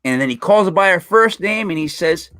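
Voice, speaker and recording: A man's voice: high voice, fairly quick, no room sound. A man hosting a casual sports podcast, rambling through stories and telling a long joke. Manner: rambling storyteller, animated with joke voices. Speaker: podcast host.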